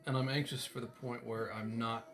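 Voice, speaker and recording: A man's voice: medium pitch, little pitch movement, normal speed, a bit bright. A man trading short, dry remarks in a casual chat during a tequila tasting. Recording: echoey room.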